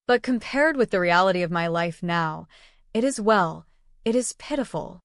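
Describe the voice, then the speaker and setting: A shy young wife speaks softly and from the heart in formal, old-fashioned phrasing, as a woman narrator voices her. The recording is dry and close, with no room sound. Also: on the low side, animated, moderate pace, clear, resonant tone, no echo. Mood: earnest. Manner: soft, earnest, formal period speech.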